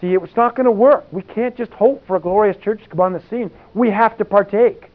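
A man with a high, brisk voice delivers a sermon in a conversational, folksy way, rambling off into plenty of asides and saying "you know" a lot. The audio sounds tinny, like it came through a phone.

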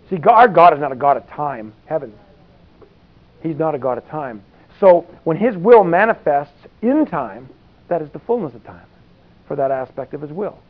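A man preaching a conversational sermon, folksy and rambling, with many asides. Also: on the high side. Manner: folksy, rambling asides with frequent "you know". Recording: tinny phone-like sound.

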